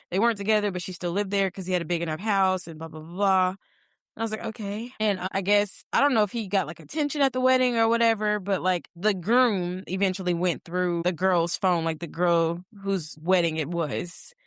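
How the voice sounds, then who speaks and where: Animated woman telling a story. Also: lowish voice, brisk, no room sound, studio quality. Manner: animated storyteller, acts out quotes. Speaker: podcast co-host. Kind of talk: casual storytelling chat.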